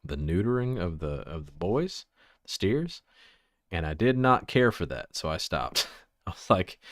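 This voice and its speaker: A man's voice: sits low, big pitch swings, measured pace, fairly bright tone, no echo, clean studio sound. A man from Texas with a Texan accent, chatting casually on a livestream, rambling, giggling and trailing off into asides.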